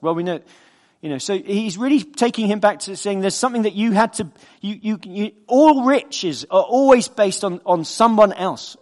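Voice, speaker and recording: A man's voice: high voice, lively intonation, normal speed, few pauses, big-room sound. A man preaching a sermon in a conversational way, asking the congregation questions and acting out the voices in his stories.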